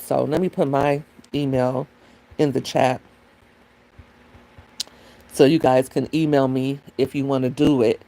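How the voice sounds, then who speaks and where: A woman's voice: deep voice, dark tone. A woman hosting a casual livestream on her phone, chatting and rambling to her viewers and answering the chat. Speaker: livestream host.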